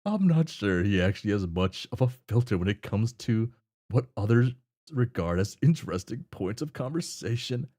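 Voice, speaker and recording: A man's voice: fairly low pitch, very animated, moderate pace, warm tone, pitched below the performer's own voice. A man voicing a cheerful, clueless young man who talks in folksy old-fashioned slang while reading a webcomic aloud. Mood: chummy. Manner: folksy, upbeat, oblivious.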